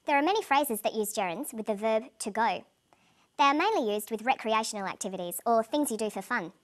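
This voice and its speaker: A woman presenting an English language lesson, with clear, measured and carefully enunciated scripted delivery. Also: a little high, lively intonation.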